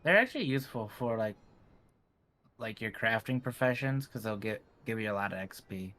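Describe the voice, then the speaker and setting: Male streamer, bright clear tone, offhand, explains the game as he plays. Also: on the low side, lively intonation, normal speed. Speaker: co-host guiding a new player. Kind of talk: casual gaming stream chat.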